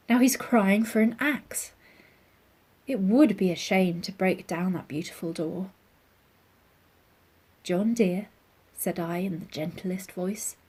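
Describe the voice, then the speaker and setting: Female audiobook reader, mellow and husky, drops into whispers, intense first-person delivery. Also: medium pitch. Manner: hushed, often sliding into a breathy whisper. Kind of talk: dramatic first-person story reading.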